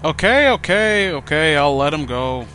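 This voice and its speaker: A man's voice: a little high, big pitch swings, measured pace, bright, forceful tone, faint music behind, heavily acted. A man voicing Blue, a smug teen sorceress. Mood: exclaiming. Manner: exaggerated, exclaiming.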